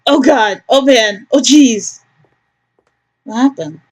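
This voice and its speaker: A chatty woman giving casual commentary as she plays a story game, tossing in jokes and loose asides. Her voice sits a little high for a woman. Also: slow. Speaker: gaming video host. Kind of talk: casual let's play commentary.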